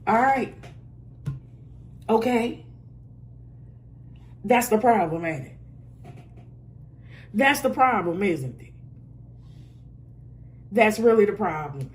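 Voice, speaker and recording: Lively, blunt woman reading tarot. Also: mid-range voice, takes it slowly, long pauses, slight background noise. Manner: animated, blunt and profane, laughs often. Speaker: tarot reader. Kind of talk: casual spoken tarot reading.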